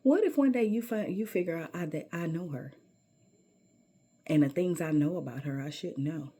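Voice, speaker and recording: A woman's voice: deep voice, moderate pace, dark tone, breathy edge. A middle-aged woman telling a personal story in a sassy, emphatic way, often calling the listener baby.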